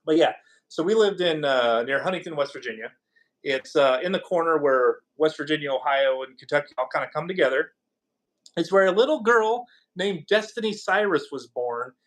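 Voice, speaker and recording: Male streamer, somewhat high voice, loose and rambling, jokes with his chat. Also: animated, normal speed, a bit bright. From California. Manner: rambling and jokey, reacting to chat. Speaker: podcast host. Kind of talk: casual live-stream chat.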